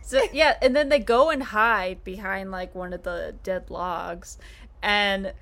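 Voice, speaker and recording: Woman cohost, slow easygoing talker, says like a lot, mid voice. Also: mid-range voice, a bit bright. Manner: unhurried, uses lots of "like". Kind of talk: casual film recap chat.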